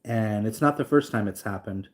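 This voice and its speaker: A man's voice: fairly low pitch, normal speed. A young man talking loosely to his live stream audience, rambling with lots of fillers and reading chat aloud. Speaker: livestream host.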